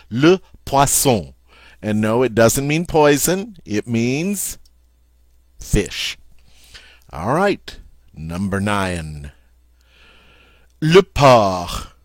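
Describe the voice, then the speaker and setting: A man teaching French vocabulary, repeating each word slowly and with emphasis. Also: medium pitch, no echo, clean studio sound. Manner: slow, careful, emphatic repetition of words. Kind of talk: vocabulary lesson.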